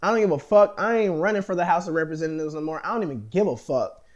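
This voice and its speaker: Rambling, profane American man, slightly high. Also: lively intonation, fast talker, dull audio. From United States. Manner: profane, rambling, heavy with fillers and restarts. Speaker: vlogger. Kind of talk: rambling monologue to camera.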